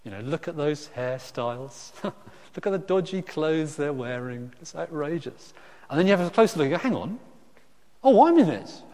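Conversational preacher in an echoing hall. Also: male voice, fairly high pitch. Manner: conversational, self-correcting, lively asides. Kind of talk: sermon. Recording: echoey hall reverb.

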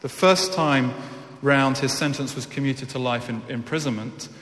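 A man's voice: mid-range voice, normal speed, a bit bright. A man preaching an earnest, emphatic sermon. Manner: earnest, emphatic with repeated words. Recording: echoey hall.

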